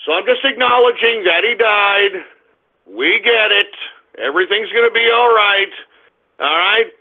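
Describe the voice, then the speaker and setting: High-voiced radio host guy ranting, crude and combative, tinny phone sound. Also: unhurried. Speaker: radio talk show host. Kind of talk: talk radio monologue.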